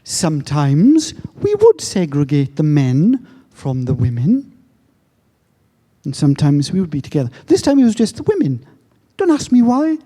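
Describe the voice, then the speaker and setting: In a big hall with long reverb, a man from England delivers a conference talk built around a story and jokes at his own expense. He has a high-pitched, mellow voice.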